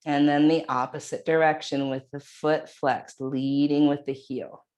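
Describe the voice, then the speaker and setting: A woman with a low, deep voice guides a yoga flow at an unhurried pace. Her cues are calm and measured, spaced out between movements. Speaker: yoga instructor. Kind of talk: guided exercise instruction.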